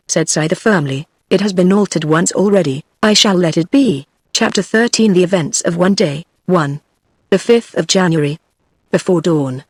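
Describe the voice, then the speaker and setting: A text-to-speech woman's voice with a British English accent, reading a classic novel aloud in even, steady narration. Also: lowish voice, breathy edge, dry recording. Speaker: audiobook narrator. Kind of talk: scripted narration. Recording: dry.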